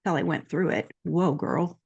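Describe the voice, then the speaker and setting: A woman guest in an earnest, lively conversation, telling a personal story and acting out the voices she quotes. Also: low voice, a little slow, creaky, breathy edge, lo-fi sound.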